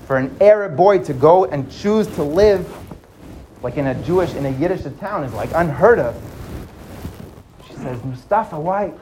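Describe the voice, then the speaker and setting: Expressive storyteller with hushed suspense. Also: mid-range voice, moderate pace, pauses often, slight background noise. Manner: lively, drops to hushed for suspense. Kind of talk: dramatic storytelling.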